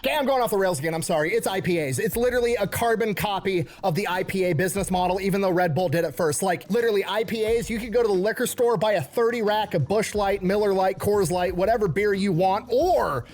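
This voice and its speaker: A man's voice: high voice, fast talker, few pauses, a little mellow, slight background noise. A man telling a story in casual commentary, ranting with swearing and mocking voices. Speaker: video creator explaining a topic.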